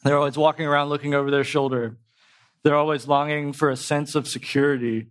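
A man's voice: a little high, flat delivery, brisk. A man preaching a sermon in a casual, explanatory way, with a tickle in his throat. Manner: conversational, explains with pop culture examples.

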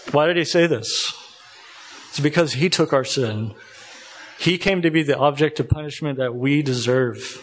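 A man preaching a sermon, earnest and emotional, reading scripture aloud and pausing now and then to collect himself. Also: on the high side, slight background noise.

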